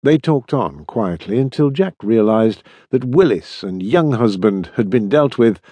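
A man narrating historical fiction as an audiobook, expressive and varied in his storytelling. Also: mid-range voice, unhurried, no room sound.

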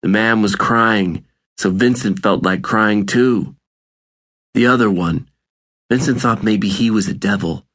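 A man narrating an audiobook in a measured, deliberate reading. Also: fairly low pitch, fairly bright tone. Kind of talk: scripted narration.

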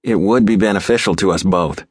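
A man narrating an audiobook, playing a smooth young city businessman who talks earnestly and cautiously. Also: sits low, fairly quick, no echo, studio quality. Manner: earnest, hesitant.

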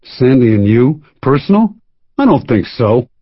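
A narrator voicing a big, bullish boyfriend who talks in a belligerent, gruff way. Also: male voice, medium pitch, sing-song, a little slow, dry recording, muffled recording. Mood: hostile.

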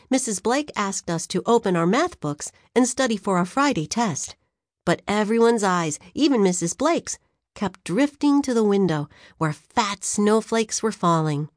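Expressive woman reading a children's story. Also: mid-range voice, dry recording, clean studio sound. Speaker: audiobook narrator. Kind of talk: children's audiobook narration.

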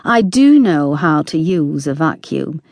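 A woman voicing a gruff, reluctant, widowed older father who talks slowly and drily. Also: deep voice, sing-song, a little mellow, no room sound, heavily acted. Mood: grumbling.

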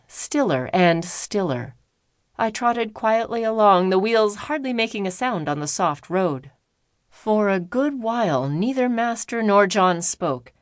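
Lively woman narrating a storybook. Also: mid-range voice, no echo, clean studio sound. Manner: lively storytelling, voicing characters' lines. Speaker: audiobook narrator. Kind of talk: scripted narration.

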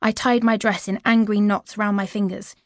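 A woman narrating a children's audiobook at a middle pitch in a clear, lively storytelling manner. The recording is dry and close, with no room sound. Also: normal speed, no echo.

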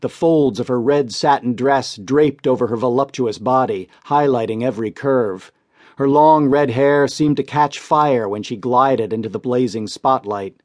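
A man reads crime stories for an audiobook, steady and measured. His voice sits at an ordinary middle pitch for a man. The narration is scripted and even. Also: dry recording, studio quality.

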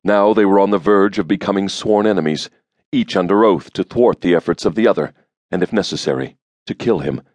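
A man reading an audiobook in steady, grave scripted narration. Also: sits low, a little fast, no echo. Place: studio booth. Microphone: close studio mic.

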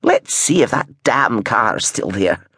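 A male audiobook narrator voicing a fierce, sharp-tongued old grandmother in a wheelchair, blunt and probing, with a husky tone. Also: mid-range voice, very animated, no echo, studio quality, exaggerated voice. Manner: blunt and probing, slow deliberate delivery. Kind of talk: audiobook character voice.

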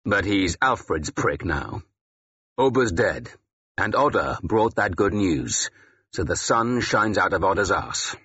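A man's voice: low voice, animated, slow, sharp tone, husky, muffled recording, heavily acted. A man voicing a growling old Saxon lord. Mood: gruff. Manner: snarling, growling, blunt and weary. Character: gruff battle-hardened older Saxon ealdorman, blunt. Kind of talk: audiobook character voice.

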